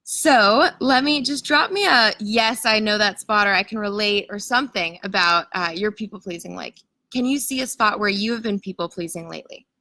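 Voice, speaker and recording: A woman with a bright, clear voice talks through a live coaching session, loose and chatty and heavy on fillers. She greets viewers and reads their comments aloud. The sound is dry and close. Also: mid-range voice, normal speed, dry recording, low-quality recording. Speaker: coach leading an online challenge. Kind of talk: live-stream coaching talk.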